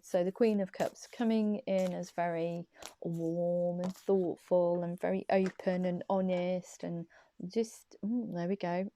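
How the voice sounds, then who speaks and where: A woman's voice: mid-range voice, gravelly, warm tone. A woman giving a casual, chatty tarot reading. She rambles enthusiastically and giggles often, filmed in a small room on a desk camera. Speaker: tarot card reader. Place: small room at her parents' home. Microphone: camera on a small desk tripod.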